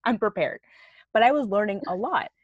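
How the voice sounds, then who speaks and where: A young woman telling a story in a casual chat, animated and swearing casually. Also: medium pitch, normal speed, husky, dry recording. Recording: dull, dry sound.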